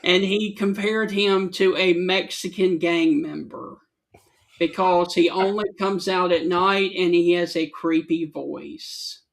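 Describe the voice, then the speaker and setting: A man's voice: sits high, steady tone, slow, vocal fry. A man co-hosting a casual talk show, reading trivia and giving terse, matter-of-fact answers. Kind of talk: casual chat.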